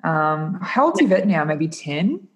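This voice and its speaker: Aussie woman in her 20s, lowish voice, easygoing podcast chat, quotes her little sister. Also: measured pace. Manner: relaxed storyteller, quotes kids in playful voices. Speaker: podcast co-host. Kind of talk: casual chat.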